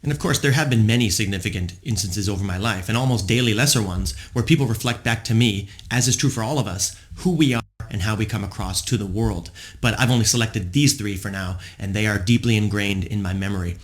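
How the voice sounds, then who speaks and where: In his forties, this podcast host speaks in a lowish voice, a little fast and with hardly any pauses. He tells personal stories in a rambling, reflective monologue packed with fillers.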